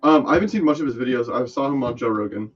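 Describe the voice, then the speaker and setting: A man's voice: mid-range voice, lively intonation, fast, faint music behind. Laid-back man on a dull lo-fi mic. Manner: laid-back, short replies. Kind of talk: casual podcast chat.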